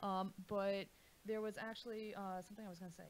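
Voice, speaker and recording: A woman's voice: medium pitch, little pitch movement, quick pace, a crowd in the background. A woman in a mid-range voice chatting on a radio show, wandering into side stories. She corrects facts lightly as she goes. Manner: storytelling, digressive, corrects others. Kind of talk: casual radio chat.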